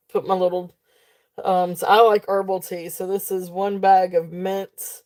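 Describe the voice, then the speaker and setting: A woman's voice: fairly low pitch, dark tone. A woman hosting a live jewelry sale stream, chatting casually in a rambling way with frequent laughter. She sounds sleepy and keeps yawning.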